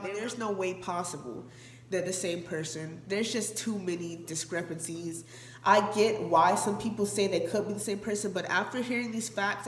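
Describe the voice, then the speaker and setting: A woman's voice: fairly low pitch, reverberant, slight background noise. A woman hosting a casual commentary vlog, talking straight to her viewers and hammering her points home by repeating them. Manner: emphatic and repetitive, addresses viewers directly. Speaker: vlog host.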